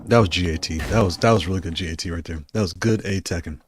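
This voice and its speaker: A man giving excited live commentary on a fighting game he is playing, taunting his opponent and laughing. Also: low voice, fast talker, a little hiss or hum. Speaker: gaming streamer. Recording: music playing behind.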